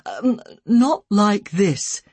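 A woman's voice: medium pitch, very animated, extremely slow, darkish tone, slightly rough, no echo, voice pushed up, full character voice. A woman reading a polite, upset husband. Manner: apologetic, then firm.

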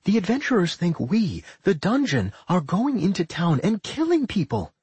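Anxious storybook pixie woman, high-pitched, breathy, dry close sound, a man doing her. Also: huge pitch swings, moderate pace, darkish tone, no room sound, heavily acted. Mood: worried. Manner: anxious, scolding, thinking aloud. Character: worried clever female pixie partner.

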